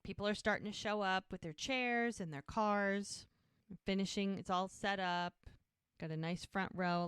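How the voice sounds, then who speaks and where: A woman's voice: lowish voice, clear, resonant tone, no room sound, clean studio sound. Woman recapping a TV episode casually. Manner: retells scenes, slipping into quoted dialogue. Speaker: podcast co-host.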